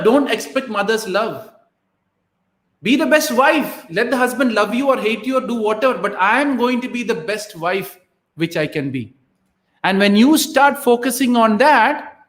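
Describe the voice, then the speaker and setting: A man with a notably high voice coaches his listeners on a live online show. He talks emphatically and keeps asking "right?" to pull them along. The sound rings in an echoey room. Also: fairly bright tone. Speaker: host and life coach.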